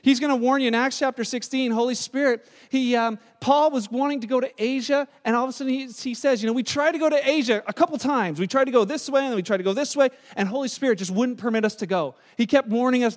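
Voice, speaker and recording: A man preaching a sermon, lively, acting out the voices of the people he quotes. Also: very high voice, fast talker. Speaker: pastor. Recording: echoey hall sound.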